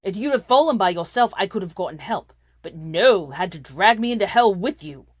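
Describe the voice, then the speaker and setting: A woman voicing a proud, bitter young man who sneers and flares into shouting. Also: low voice, normal speed, no room sound, clean studio sound. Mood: furious. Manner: sullen, sneering, erupts into shouting. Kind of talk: fan fiction reading.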